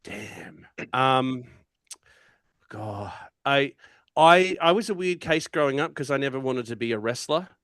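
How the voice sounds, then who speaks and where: A man's voice: medium pitch, expressive, a little slow, a bit bright, no room sound. An Australian man talks as a podcast guest, chatty and keen, eager to share stories. His voice sits in the middle of the range for a man. The recording is close and dry, with no room sound. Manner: chatty, tells anecdotes with enthusiasm. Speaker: wrestling commentator, podcast guest. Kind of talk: casual podcast chat.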